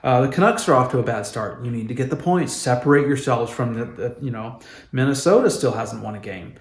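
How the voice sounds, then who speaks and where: A man's voice: medium pitch, expressive, a little fast, roomy sound. A man giving passionate, exasperated commentary on his hockey team in a casual vlog. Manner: passionate, exasperated, fan ranting. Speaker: hockey vlogger. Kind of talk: opinionated sports commentary vlog.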